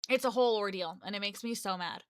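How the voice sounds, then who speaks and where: A woman's voice: medium pitch, fast talker, faint music behind. A woman in her twenties chatting casually on a live stream, rambling and correcting herself as she goes. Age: 20s. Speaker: live streamer and game developer.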